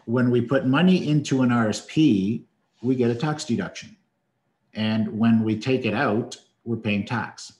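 A man's voice: mid-range voice, measured pace, darkish tone, roomy sound. A man, an accountant, explaining taxes on a webinar in a plain-spoken way and checking in with "okay" as he goes. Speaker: accountant co-host. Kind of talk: explaining tax in a live webinar.

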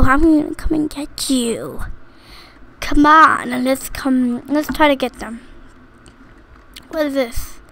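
A woman's voice: high voice, a bit bright, slight background noise. A woman giving playful gameplay commentary, giggling, singing little la-las and taunting other players in a mock-menacing way. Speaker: gaming YouTuber.

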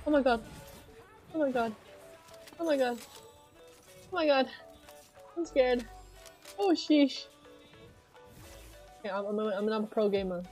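A woman streamer giving excitable live commentary on her gameplay, shrieking and laughing at each moment. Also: on the high side, a little slow, long pauses, faint music behind.

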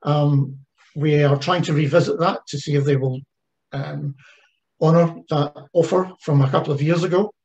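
A man's voice: a little high, steady tone, normal speed, a little mellow, lo-fi sound. A man giving an online presentation about a heritage ship project, talking conversationally with frequent fillers and restarts. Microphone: video call.

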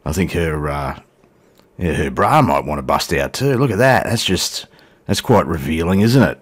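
Low-voiced joking man. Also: very animated, normal speed, breathy edge. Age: middle-aged. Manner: rambling, jokey and irreverent, talks to passengers and viewers. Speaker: flight sim video host. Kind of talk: casual commentary while playing a flight simulator.

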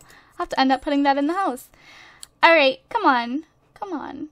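Casual let's-play commentary comes from a woman playing a life-sim game, high-pitched and fairly bright at normal speed. She's a gaming YouTuber, bubbly, chatty and often laughing as she gushes, and the desk USB mic recording is dry.

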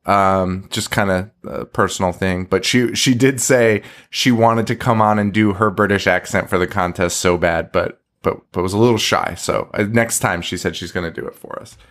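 A man's voice: low voice, fairly even intonation, moderate pace, few pauses, fairly bright tone. A young man co-hosting a podcast, chatting casually, swearing and laughing often. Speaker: podcast co-host.

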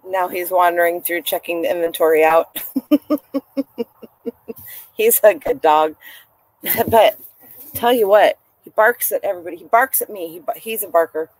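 At a moderate pace and with long pauses, a woman with a lowish voice shows off her reseller finds in a chatty, rambling vlog. She also talks to the people and dog close by. The recording is dry.

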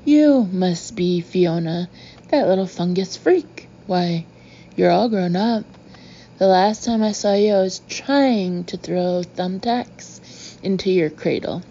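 A scheming storybook villain sneers his threats slowly, voiced by a woman. The tone is gravelly and dark, mocking everyone he speaks to. The recording is muffled with faint hiss. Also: fairly low pitch. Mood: sneering. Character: scheming villainous adult male count.

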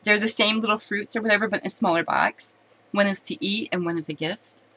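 A woman chatting excitedly to camera while unboxing a box of candy at home, giggling and restarting her sentences. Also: mid-range voice, a little fast, rough recording. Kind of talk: casual unboxing chat to camera.

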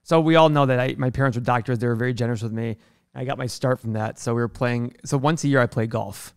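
A young man co-hosting a podcast, telling animated, fast stories in casual chat, laughing often and swearing freely. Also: medium pitch, clear, resonant tone, no echo, clean studio sound. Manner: fast, animated storytelling, acting out quoted people. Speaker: podcast co-host, investor.

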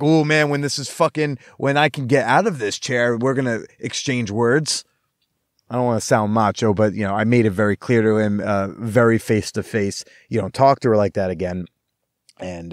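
A young man hosting a podcast, telling stories in a casual, animated way, with lots of swearing and quick asides. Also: mid-range voice, no room sound, studio quality. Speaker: podcast host. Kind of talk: casual storytelling monologue.

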